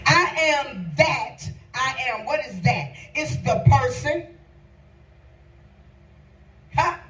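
A woman preaching a sermon, calling out questions to the congregation and breaking into half-sung shouts. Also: sits high, animated, very slow. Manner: emphatic call-and-response preaching, rising into half-sung shouts. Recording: echoey room, voice from far off.

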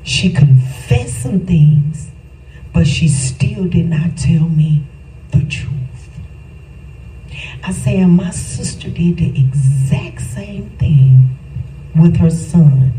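A middle-aged woman preaching a personal testimony, slow and emphatic, rising at times to shouts. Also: sits low, soft background music. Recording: roomy, distant mic, faint ambience.

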